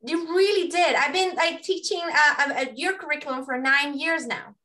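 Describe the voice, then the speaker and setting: A woman's voice: high-pitched, moderate pace, sharp tone. A woman hosting a radio interview, earnest and rambling, often restarting her sentences, a native Spanish speaker talking in English. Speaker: host and parenting facilitator. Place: radio studio.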